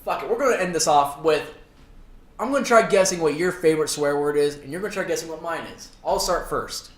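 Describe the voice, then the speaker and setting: A man's voice: a little high, fairly quick. Laughing, foul-mouthed man in a roomy echo. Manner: crude, swears freely, laughs often. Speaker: podcast co-host. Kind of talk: casual chat.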